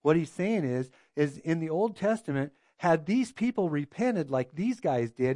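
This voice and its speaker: A man's voice: a little high, expressive, moderate pace, few pauses, dark tone, no room sound. Earnest preaching man, dry sound. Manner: earnest, preaching with rhetorical questions. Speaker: pastor. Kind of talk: sermon.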